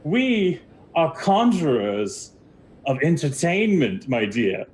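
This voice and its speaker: A man's voice: a little high, sing-song, slow pace, darkish tone, voice pushed up. A man voicing a pompous, four-foot-tall male lizard wizard who leads a band, talking grandly and theatrically. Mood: grandiose.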